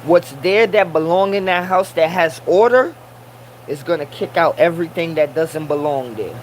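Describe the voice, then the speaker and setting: A man's voice: on the high side, moderate pace, a little hiss or hum, rough recording. A man in a casual monologue who preaches and repeats his points for emphasis, using Rasta slang and Caribbean English grammar.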